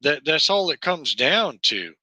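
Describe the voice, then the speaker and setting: A man's voice: on the high side, very animated, unhurried, pushed and bright, dry recording. A man with a Southern American accent hosting a livestream, ranting at length in a profane, rambling way full of fillers and restarts. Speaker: livestream host.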